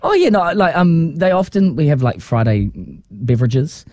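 A man's voice: fairly high pitch, big pitch swings, normal speed, darkish tone, dry recording, studio quality. Cheeky laughing New radio co-host man. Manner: playful, laughs a lot, cheeky. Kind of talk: radio drive-show banter. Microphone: studio microphone.

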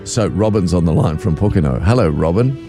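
A man hosting a radio talk show, teasing and expressive with the caller. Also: low voice, fairly quick. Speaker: radio host. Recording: studio with music bed.

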